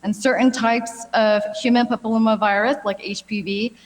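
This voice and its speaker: A woman in her thirties gives a friendly, chatty talk as a gynecologic cancer doctor. Her voice sits fairly high and she pads her sentences with easy fillers. A long reverb trails behind her words in a large hall. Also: fairly even intonation, normal speed. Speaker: gynecologic oncologist giving a talk. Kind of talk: health expo presentation.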